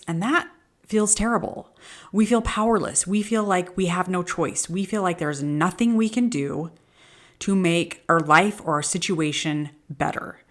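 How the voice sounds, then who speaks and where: A middle-aged woman hosting a podcast, talking casually and earnestly, animated and laughing easily. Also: lowish voice. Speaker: podcast host. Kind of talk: casual motivational podcast talk.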